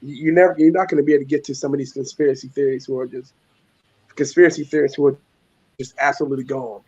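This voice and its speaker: A man in casual podcast chat, telling stories with animated energy and frequent swearing. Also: medium pitch, fast talker, breathy edge, no room sound. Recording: dull lo-fi sound.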